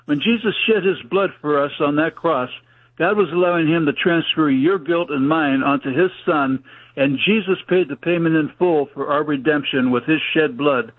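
A man preaching fast and urgently as a caller on a radio talk show, with folksy, plain-spoken grammar. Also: on the high side, dry recording. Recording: tinny phone line on radio.

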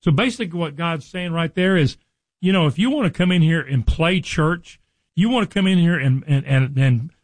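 A man preaching, reading scripture slowly and then breaking into plain, earnest commentary. His voice sits a little high for a man and comes across close and dry, with almost no room sound. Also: no echo, poor audio. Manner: addresses listeners directly.

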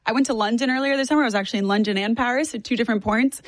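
A woman in her twenties, a guest on a talk show, talking fast and animatedly with strong opinions. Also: on the high side, no echo. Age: 20s. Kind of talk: casual political chat.

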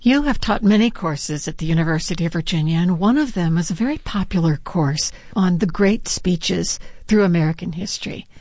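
A woman interviewing a guest with measured, prepared questions. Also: lowish voice, a little mellow, no echo, studio quality.

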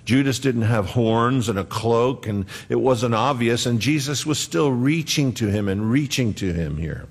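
Earnest preacher in a reverberant hall. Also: male voice, mid-range voice, lively intonation, a little slow, few pauses. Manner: conversational, earnest, acts out quotes. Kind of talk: sermon.

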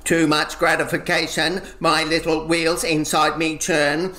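A man performs comic spoken-word poetry in a slow, rhythmic, deadpan voice that sits a little high. He leans on chanted repetitions. The room gives his voice a roomy echo. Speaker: performance poet.

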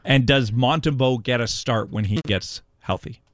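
A man's voice: medium pitch, normal speed, no echo, studio quality. A man hosting a sports radio show who quizzes his co-host with trivia and teases him. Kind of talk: casual sports talk.

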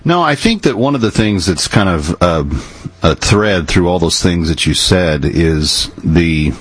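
Low, husky man thinking aloud. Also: animated. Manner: halting, thoughtful, with restarts. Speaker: co-host. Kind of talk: casual podcast talk.

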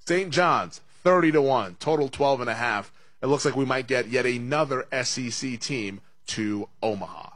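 A young man runs a casual sports betting chat, tossing in quick jokes and laughing often. His voice sits at a middle pitch, and the recording is dry and close. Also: fairly bright tone, dry recording. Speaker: sports betting show host.

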